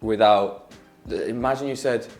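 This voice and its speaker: A man with a British accent co-hosting a casual chat in an office, chatty and quick to laugh. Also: on the low side, soft background music. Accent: British English. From Britain. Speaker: co-host.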